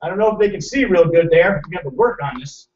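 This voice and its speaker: A man presenting a financial seminar to a live audience, loud, emphatic and hectoring as he teases the crowd. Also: sits high, animated, fast talker, slight background noise. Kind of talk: motivational seminar lecture. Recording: echoey, distant, dull room recording.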